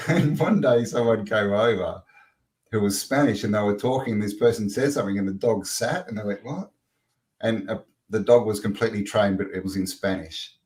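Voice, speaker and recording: A man's voice: fairly low pitch, a little fast, darkish tone. A man co-hosting a casual podcast, telling a rambling anecdote. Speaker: podcast co-host. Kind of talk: casual chat.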